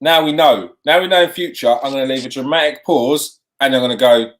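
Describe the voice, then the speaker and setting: A man's voice: medium pitch, a little fast. A man hosting a live show, chatting with viewers and repeating himself as he goes. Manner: lively, talks to the chat, repeats himself. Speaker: host.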